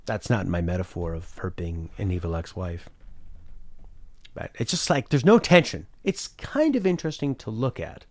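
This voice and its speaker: A man talks through a game in a casual, wry review, thinking aloud and rambling a little. His pitch moves about lively as he talks. The sound is dry and close. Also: moderate pace, dry recording. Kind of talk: casual reaction commentary.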